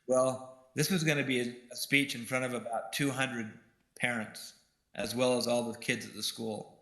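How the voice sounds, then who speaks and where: Male keynote speaker, bright, forceful tone, earnest storytelling, echo of a big room. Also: mid-range voice, steady tone, moderate pace. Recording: roomy hall echo.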